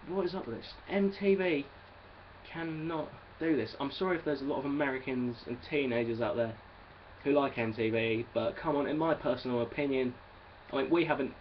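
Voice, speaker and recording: A man's voice: medium pitch, lo-fi sound, a little hiss or hum. A young man with an English accent ranting in a rambling, exasperated monologue and swearing freely. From England. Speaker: vlogger.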